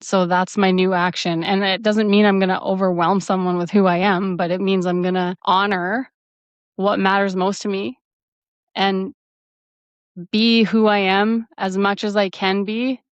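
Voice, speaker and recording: A woman's voice: mid-range voice, flat delivery, a little slow, clean tone, dry recording. A woman co-hosting a podcast, speaking in a reflective, earnest way. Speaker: podcast co-host. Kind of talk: casual chat. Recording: dull lo-fi audio.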